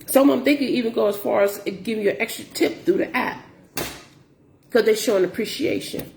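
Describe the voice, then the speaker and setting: A woman's voice: on the high side, a little fast, creaky, roomy sound, a little hiss or hum. A middle-aged woman, a grocery delivery shopper telling stories in a casual vlog, repeating herself as she vents about rude customers. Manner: animated, repetitive, exasperated retelling.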